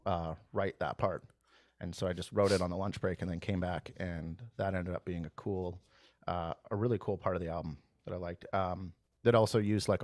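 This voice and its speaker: A man's voice: sits low, a little mellow, no echo, clean studio sound. A man, a guest band vocalist, chatting casually about writing lyrics, rambling with frequent laughs and restarts. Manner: rambling, laughs often, restarts mid-sentence. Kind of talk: casual podcast chat.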